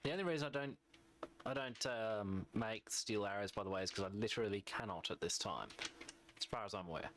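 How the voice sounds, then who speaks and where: A man's voice: lowish voice, animated, brisk, fairly bright tone, slight background noise. A man streaming a video game, muttering casual commentary to himself and his chat.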